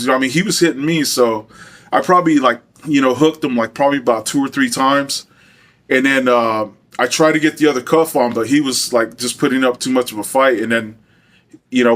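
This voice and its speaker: A man's voice: medium pitch, a bit bright. A middle-aged man from Arizona, a former corrections officer, casually telling a first-person story in a loose, rambling way full of fillers.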